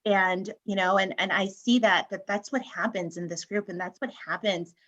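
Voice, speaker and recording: A woman's voice: medium pitch, steady tone, moderate pace, a bit bright, lo-fi sound. A woman speaking on a real estate panel, heartfelt and effusive, often restarting her sentences. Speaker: realtor panelist. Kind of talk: panel discussion.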